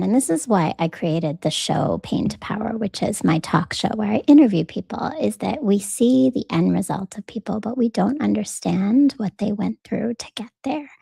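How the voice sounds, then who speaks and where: A woman's voice: medium pitch, lively intonation, measured pace, gravelly, warm tone, slightly rough, dry recording. A woman hosting her own podcast, talking in an earnest, conversational way and telling a story in which she quotes the people in it. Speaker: podcast host. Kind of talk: personal reflective monologue.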